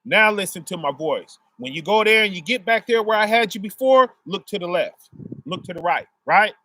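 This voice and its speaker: A man with a fairly high voice delivers a loose, conversational sermon, stopping after almost every phrase to check "right?" with his listeners. He explains his points through homely family examples. The sound is dry and close. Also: lively intonation, normal speed, sharp tone, dry recording. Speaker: preacher. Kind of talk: casual street sermon.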